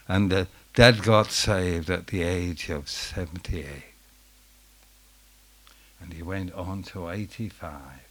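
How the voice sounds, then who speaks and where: A man preaching a sermon as dramatic storytelling, dropping to a hush and then rising to loud outbursts. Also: deep voice, takes it slowly, husky.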